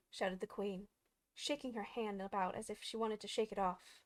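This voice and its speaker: A woman narrating a classic children's story in a calm, expressive audiobook reading. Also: mid-range voice, normal speed, dry recording.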